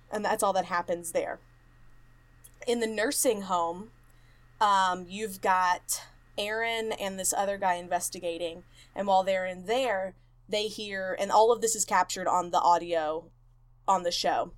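A woman's voice: medium pitch, measured pace. A woman co-hosting a podcast, casually retelling a haunted-place story with lots of fillers and acted-out quotes. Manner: animated retelling, acts out quotes, many fillers. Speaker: podcast co-host.

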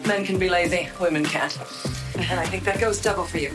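An older actress playing a tough, poised senior woman law partner who mentors in a measured, firm way, from a TV drama clip. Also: lowish voice, lightly acted. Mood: mentoring. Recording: drama clip with music underneath.

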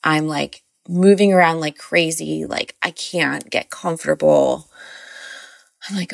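A woman's voice: sits low, measured pace, gravelly, no echo. A mother casually recounting a birth story, rambling and filling her speech with "like". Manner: rambling, heavy use of "like".

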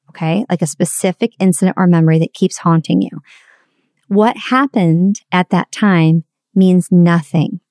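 A middle-aged woman speaks candidly in a confessional monologue, reflecting openly on her past. Her voice sits a little low, and the recording is close and dry with no room sound. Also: mellow, no echo. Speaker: parenting speaker.

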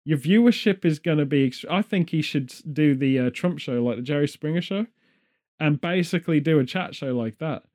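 A man's voice: a little high, a little fast, a little mellow. A British man co-hosting a casual chat, rambling and joking, now and then slipping into silly voices. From United Kingdom. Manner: rambling, jokey, slips into silly put-on voices.

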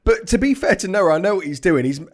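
A man, co-hosting a casual podcast in a slightly higher-pitched voice. He talks animatedly and stumbles over repeated words. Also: fast talker. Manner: stammering, restarts sentences, animated. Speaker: podcast co-host. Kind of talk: casual chat.

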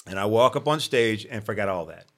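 A man's voice: fairly low pitch, brisk. A man telling a story from his past in a casual podcast chat, acting out the people he quotes. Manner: animated storyteller, acts out quoted voices. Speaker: podcast guest.

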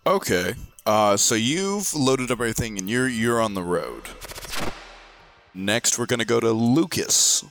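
A man's voice: mid-range voice, expressive, unhurried, a bit bright, slight background noise. A man narrating as game master in a tabletop role-playing game, speaking hesitantly with many restarts.

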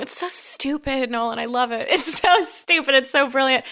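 A woman co-hosting a podcast in casual chat, rambling and quick to laugh. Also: high-pitched, bright, forceful tone. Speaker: podcast co-host.

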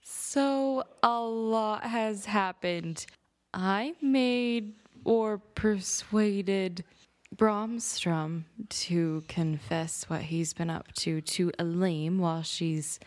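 Female player, slow recap, dry close sound. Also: medium pitch, no echo. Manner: halting, thinking aloud. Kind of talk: casual game recap.

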